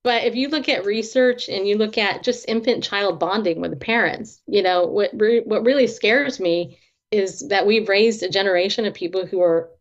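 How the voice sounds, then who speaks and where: An interview guest who is a Christian therapist and author tells animated personal stories, often laughing and voicing the dialogue herself. Her voice is mid-range at a moderate pace, she isn't from the American South, and the recording sounds dull and lo-fi.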